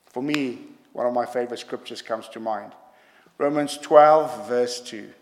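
A man's voice: mid-range voice, measured pace, a little hiss or hum. A man preaching a sermon to a congregation, emphatic and punctuating his points with "yeah?". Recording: long hall reverb.

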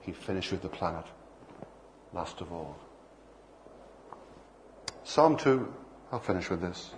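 An older man delivering a sermon in a lowish voice, with a faint hiss of noise under the recording. He moves easily between scripture and playful stories, acting out little exchanges with passersby. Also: lively intonation, slow. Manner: anecdotal, playful, acts out dialogue. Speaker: preacher.

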